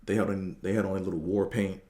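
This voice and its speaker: Deep-voiced man telling a rambling story. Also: level tone, quick pace, mellow, echoey room. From Washington DC area. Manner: rambling, profane, with many fillers and restarts. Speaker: podcast host. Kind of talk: casual storytelling monologue.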